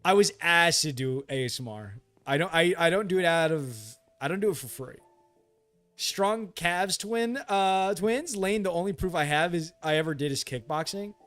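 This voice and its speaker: High-voiced joking male streamer. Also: lively intonation, moderate pace, a bit bright, faint music behind. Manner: joking, reads and answers chat; jumpy, yelps when startled. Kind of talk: casual live gameplay chat.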